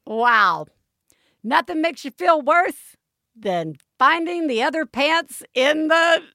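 A woman co-hosting a podcast, chatting casually in an animated, joking way with some swearing. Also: sits high, slow, gravelly, dry recording. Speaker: podcast co-host. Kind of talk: casual chat.

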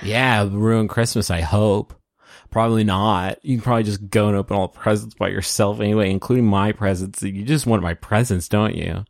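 A man's voice: fairly low pitch, fairly even intonation, moderate pace, gravelly, dry recording, clean studio sound. A man co-hosting a podcast, riffing and joking in a goofy, casual chat. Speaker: podcast co-host.

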